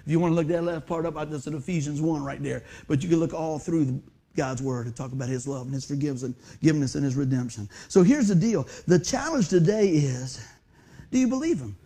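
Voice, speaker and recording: Preacher guy telling funny stories from the pulpit, high voice, keeps laughing and whooping. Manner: animated, laughing often, with high excited whoops. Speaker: pastor. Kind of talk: humorous storytelling sermon. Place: church sanctuary before a congregation.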